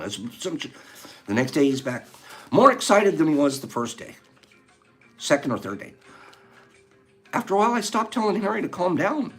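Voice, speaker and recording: An older man hosting a casual live stream, opening gifts and telling stories in an animated, warm way, laughing now and then. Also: medium pitch, normal speed, long pauses, soft background music. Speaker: host of a live tea-time stream. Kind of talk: casual chat, opening gifts and reading cards.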